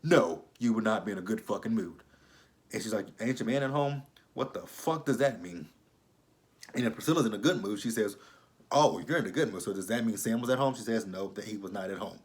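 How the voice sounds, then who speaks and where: A man's voice: on the low side, animated, a little fast. A man giving a casual, blunt and profane recap of a TV episode, exasperated with the characters. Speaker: TV show reviewer.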